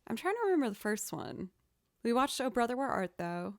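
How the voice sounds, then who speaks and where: A woman hosting a casual livestream chat, answering viewer questions as a chatty, expressive storyteller. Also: a little high, fairly quick, no echo, clean studio sound. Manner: chatty, expressive storyteller who acts out quoted reactions.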